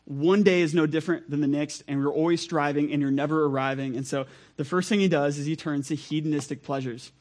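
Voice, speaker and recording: A young man preaching a sermon in a conversational, energetic way, full of asides to the listeners. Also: fairly high pitch, fairly quick, hardly any pauses.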